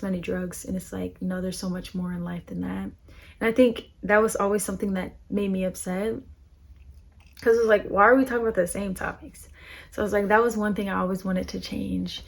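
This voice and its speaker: A woman's voice: mid-range voice, vocal fry, breathy edge. A young woman musician talking casually and earnestly about her music, rambling with lots of fillers. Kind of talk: casual heartfelt talk to camera.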